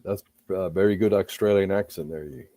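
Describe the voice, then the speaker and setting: A man speaking as a podcast guest, answering in a halting way with frequent fillers. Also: sits low, steady tone, dark tone, dry recording. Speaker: guest researcher. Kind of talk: interview chat.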